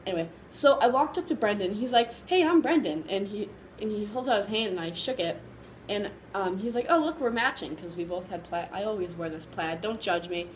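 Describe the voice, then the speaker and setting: A woman vlogger casually telling a story to camera, excited and gushing, rambling with lots of fillers. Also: medium pitch, brisk, a little hiss or hum, low-quality recording.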